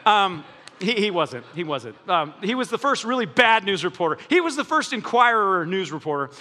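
A man, a pastor, preaching a sermon in a church, animated and jokey with strong emphasis. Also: high-pitched, normal speed. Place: church hall. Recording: echoey church hall.

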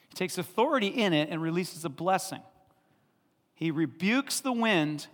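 A male pastor preaching a sermon, animated and repetitive, checking in often with the congregation. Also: sits high, moderate pace, long reverb tail.

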